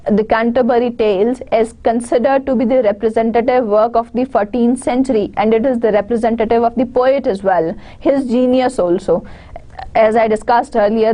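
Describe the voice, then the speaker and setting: A woman's voice: a little high, warm tone. A woman with a Pakistani English accent giving an online lecture, explaining step by step and restating her points. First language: Urdu.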